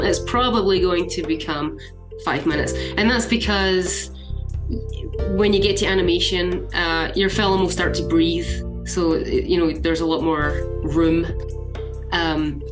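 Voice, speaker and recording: Woman panelist, lower voice, practical advice, music behind. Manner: practical, advising. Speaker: panel guest.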